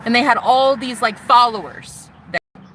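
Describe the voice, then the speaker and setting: A woman vlogger telling her personal story to camera, animated and sassy, swearing freely and calling the viewer "honey". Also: fairly high pitch, a little slow, slight background noise. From United States. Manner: swears freely, shouts mocking retorts.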